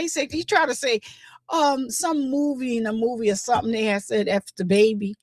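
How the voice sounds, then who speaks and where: A woman's voice: sits high, brisk, no echo. Chatty woman livestreamer. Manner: chatty, animated storytelling with quoted voices. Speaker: livestream host. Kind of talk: casual gossip commentary.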